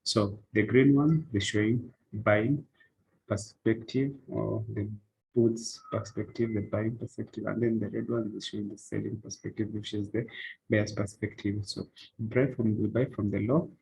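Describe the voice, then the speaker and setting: Male tutor, low and raspy with vocal fry, plainly walking beginners through a trading platform. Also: steady tone, moderate pace, mellow, low-quality recording. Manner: step-by-step, repetitive "so you come" phrasing with "eh" fillers. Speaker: forex trading instructor. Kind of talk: screen-recorded tutorial walkthrough.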